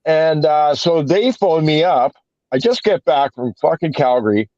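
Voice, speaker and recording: Profane, rambling man, higher-pitched. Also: expressive, unhurried, darkish tone, dry recording. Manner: profane, rambling storyteller, heavy swearing and fillers. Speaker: podcast co-host telling a story. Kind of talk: casual chat. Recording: dull, dry lo-fi podcast audio.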